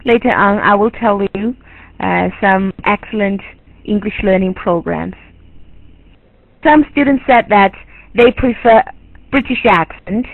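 A woman's voice: mid-range voice, no room sound. Chinese-accented woman lecturing over a tinny line. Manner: repeats and restarts phrases, asks the class questions. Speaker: English teacher giving a lecture. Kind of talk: bilingual lecture in English and Mandarin. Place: online lecture. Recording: tinny phone-like line, dry.

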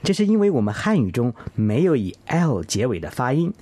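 A man co-hosting a pronunciation lesson, a native Mandarin speaker explaining clearly and steadily. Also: mid-range voice, big pitch swings, brisk, hardly any pauses, dark tone. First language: Mandarin Chinese. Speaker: co-host of English pronunciation lesson. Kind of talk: scripted radio lesson, explaining in Chinese.

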